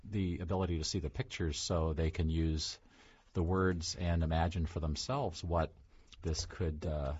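A man's voice: low-pitched, fairly even intonation, moderate pace, a little mellow, slightly rough. A man, an author guest, talking casually and hesitantly, with many fillers. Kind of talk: casual interview talk. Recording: dull lo-fi sound.

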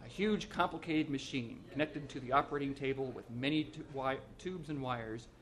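A man reading a short story aloud as narrator, in an even, measured way. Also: medium pitch.

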